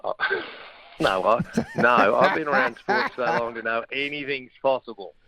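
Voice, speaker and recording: A middle-aged man, a former rugby player talking sport as a radio guest in a blunt, chatty, excitable way. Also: medium pitch, measured pace, a loud crowd, rough recording. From Australia. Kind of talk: casual sports chat.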